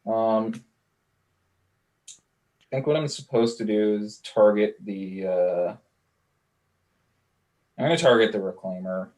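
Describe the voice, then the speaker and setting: A man with a low voice plays a tabletop card game. He thinks out loud, pausing and hesitating as he works through each move. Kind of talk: casual tabletop play talk.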